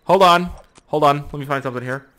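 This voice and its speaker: This gaming YouTuber is a young man from Canada whose fairly high-pitched voice races along. He swears constantly, cracks crude jokes over his gameplay and breaks into lively outbursts.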